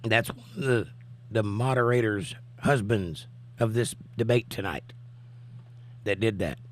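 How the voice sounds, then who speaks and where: With a fairly low pitch and a measured pace, a livestream host chats casually and reads viewers' comments aloud. His voice is still on the mend from a cough.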